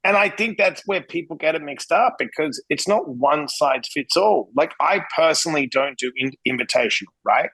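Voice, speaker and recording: A middle-aged man from Western Australia, an interventionist guest telling blunt, animated stories in a casual interview. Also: normal speed, few pauses, breathy edge, no echo, low-quality recording. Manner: blunt, animated, swings pitch when quoting himself.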